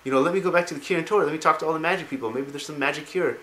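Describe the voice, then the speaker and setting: A man's voice: fast talker, pushed and bright, a little hiss or hum. A man voicing a worried young woman mage who pleads in a raised voice. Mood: pleading. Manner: higher, pleading.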